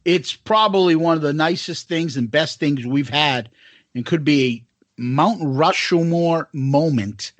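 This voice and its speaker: A man's voice: fairly high pitch, measured pace, no echo. A man co-hosting a podcast, joking crudely and swearing in casual banter. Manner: profane, jokey, animated. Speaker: podcast co-host.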